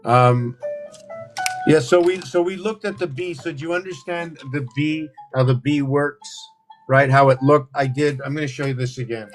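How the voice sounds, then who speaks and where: With faint music behind him, a livestream host in a slightly high voice explains numbers and letter shapes in a loose, wandering style, asking "right?" again and again. His intonation stays fairly even at a moderate pace, picked up by a phone camera.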